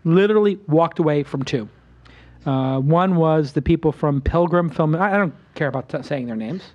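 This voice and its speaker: A man hosting a casual roundtable show, his voice sitting high for a man. He tells stories boastfully and with animation, acting out the lines of the people he met. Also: moderate pace, muffled recording. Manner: boastful, animated storytelling with acted-out quotes. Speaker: podcast host.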